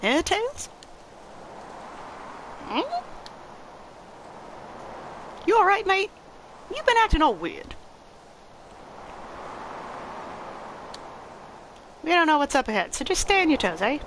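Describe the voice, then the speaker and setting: A woman voicing a cheeky, tough-talking young woman adventurer who uses rough slang. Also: high voice, big pitch swings, measured pace, a bit bright, slight background noise, pitched above the performer's own voice, heavily acted, poor audio. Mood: brash. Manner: tough-talking, swears lightly, says mate. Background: game music.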